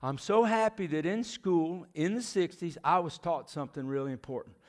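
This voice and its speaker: Older American preacher, dramatic hushed swings. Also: male voice, a little high, lively intonation, moderate pace. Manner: dramatic storytelling, swinging from loud emphasis to hushed near-whispers. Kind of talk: sermon.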